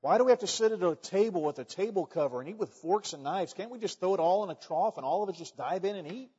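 A man's voice: sits high, animated, fast talker, warm tone, husky. A man preacher voicing a little male pig who loves the mud, in a folksy, plain-spoken way, in an echoey hall with dull sound. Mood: grumbling.

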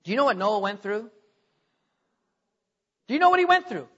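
A man preaching a sermon in a church, animated and jokey, acting out mocking voices. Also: high voice, normal speed. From Texas. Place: church sanctuary. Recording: dull sound with long hall reverb.

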